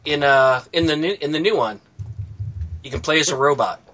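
A man's voice: fairly high pitch, moderate pace, pushed and bright. A man co-hosting a casual podcast chat, laid-back and giggly with crude jokes. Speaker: podcast co-host. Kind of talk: casual chat among friends. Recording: muffled lo-fi call audio.

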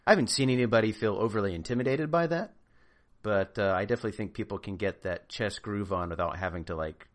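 Low-voiced man explaining board games. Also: fast talker. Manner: explanatory, relaxed, hesitant fillers. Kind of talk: casual chat.

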